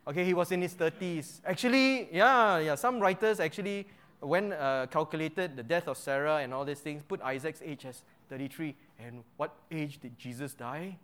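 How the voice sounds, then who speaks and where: A man with a notably high-pitched voice leads an interactive Bible lesson. He keeps asking his listeners questions and checking in with them. He repeats key phrases to drive his points home. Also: normal speed, fairly bright tone. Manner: quizzes the audience with frequent "right?" checks. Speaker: Bible teacher.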